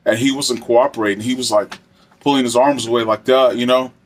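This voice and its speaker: A former correctional officer telling a story from the job in a casual, rambling way, full of "like" and "you know.". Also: male voice, medium pitch, fairly even intonation, fairly quick, slight background noise.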